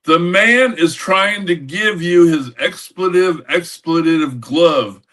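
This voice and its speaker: A man putting on the slow drawl of a gruff, cussing male ballplayer in a told story. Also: on the high side, fairly bright tone, voice pushed up, low-quality recording. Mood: exasperated. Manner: slow, drawn-out, exasperated.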